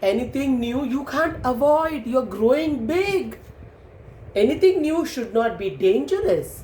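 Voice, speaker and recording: A woman's voice: high-pitched, animated, unhurried, dark tone, pitched above the performer's own voice. A woman storyteller voicing a cheeky male kookaburra bird who teases cheerfully and coaxes. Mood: coaxing. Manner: teasing, cheerful. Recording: echoey room, faint noise.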